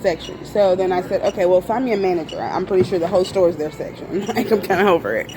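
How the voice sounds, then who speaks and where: A woman, talking through a casual vlog in an excitable, gushing way, often laughing. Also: lowish voice, fast, a crowd in the background, low-quality recording. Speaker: vlogger.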